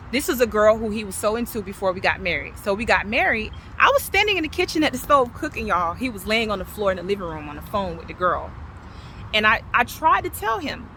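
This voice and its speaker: Impassioned bright-voiced woman. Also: a little hiss or hum. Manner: impassioned, repeats herself, swings from loud to low. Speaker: vlogger sharing her testimony. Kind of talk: emotional personal testimony.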